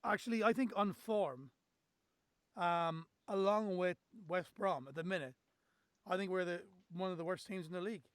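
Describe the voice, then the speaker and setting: High-voiced blunt male podcast host. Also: clean tone, no echo. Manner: blunt, opinionated, quick. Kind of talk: casual football chat.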